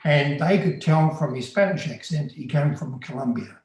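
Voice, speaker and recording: A man's voice: fairly high pitch, expressive, moderate pace, a little mellow. A man telling a first-person story in an earnest, plain-spoken, conversational way. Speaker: storyteller recounting undercover work. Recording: very echoey room.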